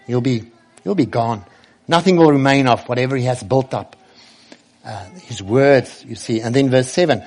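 A man's voice: mid-range voice, measured pace, a little mellow. A man preaching a sermon earnestly, often turning to ask the children direct questions.

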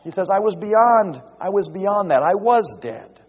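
High-voiced pastor preaching in a reverberant hall. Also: male voice, lively intonation, husky, dull audio. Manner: rises to loud, drawn-out emphasis when quoting scripture. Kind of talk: sermon.

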